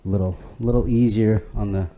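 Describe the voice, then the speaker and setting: Guiding a home workout session, a man in the role of fitness instructor talks casually, peppering his speech with fillers and false starts. His pitch is fairly low and his intonation fairly even at a normal speed. The recording sounds lo-fi, with a faint hiss or hum.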